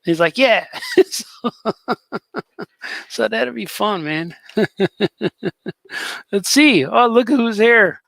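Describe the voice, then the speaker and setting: A man's voice: sits high, gravelly, sharp tone, no echo. A man hosting a casual live stream as a cartoonist, rambling in an easygoing way and chatting with viewers.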